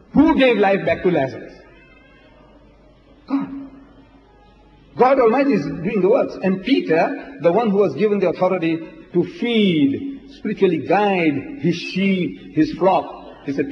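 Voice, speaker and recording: A man delivers a dramatic debate speech, firing rhetorical questions and acting out quoted lines. His somewhat high voice rings through a big hall with long reverb. The old recording sounds dull, with a faint hiss underneath. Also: animated, moderate pace. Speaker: debate speaker. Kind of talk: impassioned public debate lecture. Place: large lecture hall.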